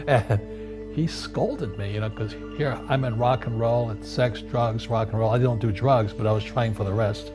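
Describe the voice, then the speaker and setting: A man's voice: mid-range voice, a little slow. Older man telling stories over background music. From Hawaii. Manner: animated anecdotes with frequent restarts and repeated words. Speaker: interview guest. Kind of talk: storytelling conversation. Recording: music playing underneath.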